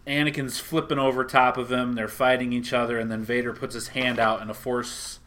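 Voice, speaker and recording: Retelling a comic book plot in casual conversation, a man speaks fairly quickly in a bright, forceful mid-range voice. He stays animated throughout, performing each character's dialogue along the way.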